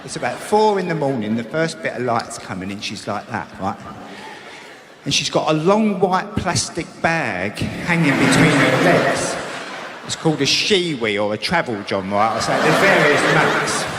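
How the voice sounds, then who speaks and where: A man tells brash stand-up stories in a fairly high voice, often jumping into loud put-on voices. The long reverb of a big hall hangs around his words. Loud crowd sound fills the gaps. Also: very noisy. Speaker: stand-up comedian. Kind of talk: stand-up routine. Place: comedy venue stage with a live audience. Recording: echoey hall with loud audience laughter.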